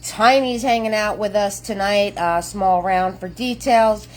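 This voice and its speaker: A woman's voice: medium pitch, steady tone, measured pace. A middle-aged woman hosting a live painting class, greeting viewers by name in a bubbly, chatty way. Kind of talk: casual livestream painting lesson.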